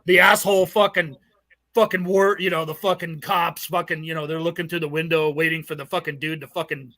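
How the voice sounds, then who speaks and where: A man's voice: a little high, steady tone, brisk, sharp tone. A man from Southern California telling rambling, profanity-heavy stories on a podcast, laughing often. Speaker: podcast host. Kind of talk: casual storytelling chat.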